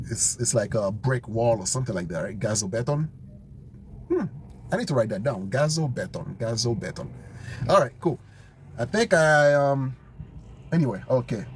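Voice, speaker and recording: A man studying vocabulary out loud, thinking aloud, repeating words and making up memory tricks in a casual chat. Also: medium pitch, a little hiss or hum. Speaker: language learner streaming his study session.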